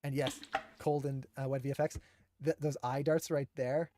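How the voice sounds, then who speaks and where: A man's voice: mid-range voice, flat delivery, normal speed, noisy background. Enthusiastic man breaking down animation. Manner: enthusiastic and emphatic, admiring. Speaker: animation teacher. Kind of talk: analytical commentary on animation.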